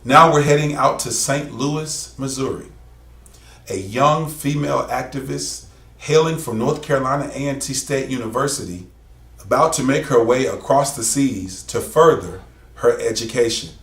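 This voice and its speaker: A man's voice: mid-range voice, normal speed, fairly bright tone, reverberant, far from the mic. A man hosting a program, introducing speakers in a formal, ceremonial manner. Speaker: host.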